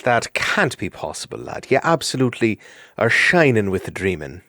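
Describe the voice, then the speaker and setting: A man's voice: on the low side, very animated, normal speed, bright, forceful tone, no echo, studio quality, exaggerated voice. A man voicing a tiny sly fairy who teases and calls others lad. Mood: teasing.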